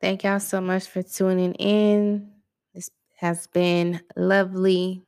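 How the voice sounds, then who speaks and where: This young woman, hosting her own podcast, chats alone in an easygoing, conversational style with loose slang. She takes it slowly in a level, mid-range voice that's gravelly and darkish but clear and resonant.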